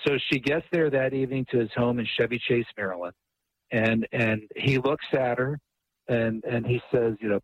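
A man, an author and guest on a radio talk show, telling a story in an animated way and often repeating words. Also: medium pitch, normal speed, phone-quality sound.

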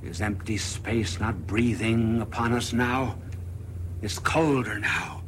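A man voicing a frantic male madman who cries out and then sinks into hushed whispers. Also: lowish voice, slow pace, a little hiss or hum.

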